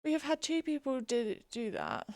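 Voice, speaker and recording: A woman's voice: high voice, wildly swooping pitch, normal speed, no room sound, studio quality. A young woman from England chatting casually on a live stream, giggly and reading chat aloud into a desk mic. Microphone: desk mic she keeps bumping.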